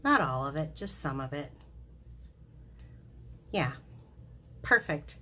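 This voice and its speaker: Low-voiced chatty woman demonstrating crafts. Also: very animated, takes it slowly, sharp tone, slight background noise. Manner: chatty, giggly, explains while working. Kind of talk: live stamping demonstration.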